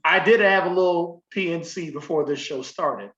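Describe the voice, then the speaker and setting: Podcast guy chatting loose, kinda high voice, roomy dull sound, cussing and laughing. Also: moderate pace. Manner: animated, swearing, laughing storyteller. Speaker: podcast co-host. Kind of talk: casual chat.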